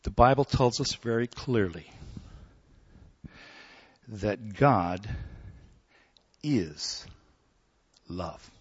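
A man preaching a sermon in a relaxed, conversational way, telling stories and often checking in with his listeners. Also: lowish voice, extremely slow, long pauses, breathy edge. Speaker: pastor. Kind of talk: sermon with storytelling. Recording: dull recording in a hall with long reverb.

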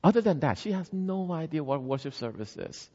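Male preacher, lively storyteller, pitch rising and falling widely, long-echo hall. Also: a little fast. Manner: lively storytelling, acts out the characters. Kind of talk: storytelling sermon. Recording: dull sound, long hall reverb.

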